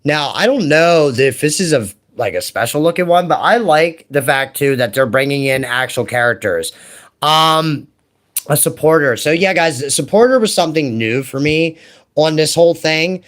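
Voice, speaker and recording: A man in his late thirties chatting casually while opening trading card packs, rambling and excitable, full of "dude" and "man". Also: a little high, normal speed. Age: 30s. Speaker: card-opening video host.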